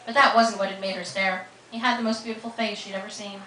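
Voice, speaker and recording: A woman's voice: medium pitch, fairly even intonation, quick pace, sharp tone. A woman reading her own novel aloud at a live bookstore event, narrating expressively and with animation. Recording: roomy, distant live reading.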